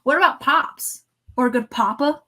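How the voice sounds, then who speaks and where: A woman co-hosting a casual podcast chat, talkative and quick to laugh while telling stories. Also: sits high, sharp tone, slight background noise. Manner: chatty, laughs easily, tells stories. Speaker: podcast co-host.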